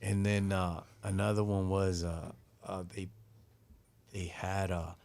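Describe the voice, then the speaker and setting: A man's voice: deep voice, slow, gravelly. A man hosting a live stream, telling stories in casual, slang-filled chat and acting out what people said. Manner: slangy, animated, acts out quotes from his stories.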